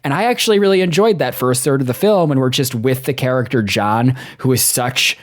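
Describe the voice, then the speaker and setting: Young male podcast co-host, mid-pitched, candid and rambling. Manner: candid, rambling, quick to laugh. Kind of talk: casual film discussion.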